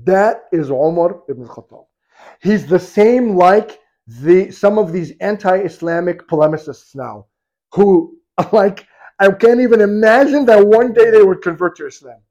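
Male preacher, storytelling sermon. Lively, high voice, swings loud to hushed, acts out quotes. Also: unhurried, muffled recording.

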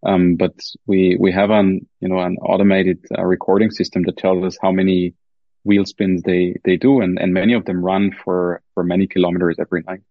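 A man's voice: low voice, flat delivery, brisk, dry recording, phone-quality sound. A man with a German accent explaining research carefully as a podcast guest, with many fillers and restarts. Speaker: guest scientist. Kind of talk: podcast interview.

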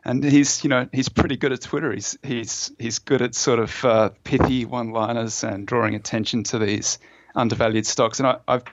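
In a lo-fi recording with no room sound, a mid-range male voice holds fairly even intonation at a moderate pace. He's an author and fund manager on a podcast, explaining and storytelling at length with fillers and restarts.

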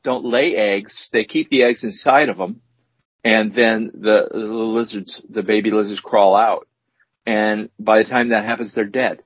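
A man's voice: on the low side, steady tone, unhurried, husky, no room sound. A man co-hosting a casual podcast, bantering with a playful, mock-emotional manner. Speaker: podcast co-host. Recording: dull lo-fi sound.

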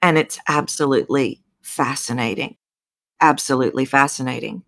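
Woman, Texan accent, voice coach, low voice, dry close sound, emphatic explainer. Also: moderate pace, creaky, a bit bright, no echo. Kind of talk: interview storytelling.

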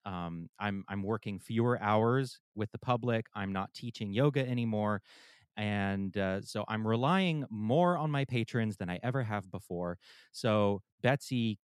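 A male podcast host talks from a room at home in a low, smooth, resonant voice. He is candid and chatty and pokes fun at himself. The sound is close and dry, with no room echo. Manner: candid, chatty and self-deprecating. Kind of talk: casual podcast intro and sponsor read.

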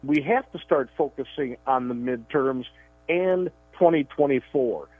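A man's voice: mid-range voice, measured pace, husky, no room sound. A man co-hosting a political radio show, talking emphatically and often repeating words as he starts his sentences. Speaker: radio show co-host and columnist. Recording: tinny phone line, dry.

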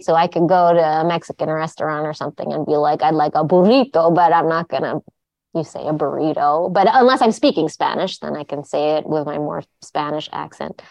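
Woman, yoga teacher guest; lower register, rambling storyteller, dry sound. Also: dry recording. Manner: chatty storyteller, many "like"s and restarts. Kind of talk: casual interview chat.

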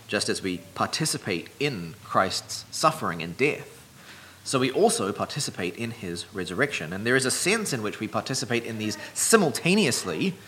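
A male preacher delivers a measured, earnest sermon in a bright voice that rises and falls with lively intonation. A faint hiss of noise sits behind him. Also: lowish voice.

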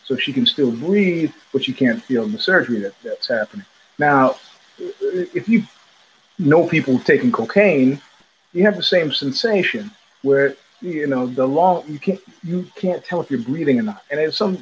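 A man hosting a podcast, telling a story in a loose, animated way and acting out the voices of the people in it. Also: mid-range voice, moderate pace, slight background noise, low-quality recording. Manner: animated, profane, acts out quoted voices. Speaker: podcast host. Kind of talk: casual storytelling monologue. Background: child heard in the background.

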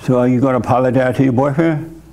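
A man's voice: medium pitch, steady tone, fast talker, a little mellow, slight background noise. A man hosting a church gathering, counseling a young caller in a direct, insistent way with short pointed questions and repeated words for emphasis. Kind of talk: blunt counseling conversation.

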